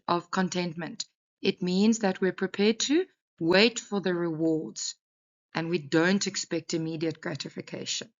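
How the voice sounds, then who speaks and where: A woman's voice: lowish voice, highs cut off. A woman English teacher giving an exam revision lesson, talking a class through a text and often checking in with "okay".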